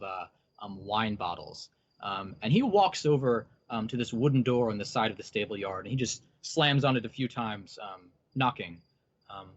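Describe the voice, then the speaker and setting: Man game master, hesitant ums, animated pitch, dull lo-fi sound. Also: no room sound. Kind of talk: narrating a tabletop game. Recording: dull lo-fi recording.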